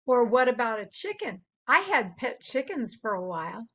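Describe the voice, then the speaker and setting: An older woman presenting to children in a gentle, playful teaching manner, stopping to imitate animal sounds. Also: on the high side, very animated, normal speed. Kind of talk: gentle instructional talk to children.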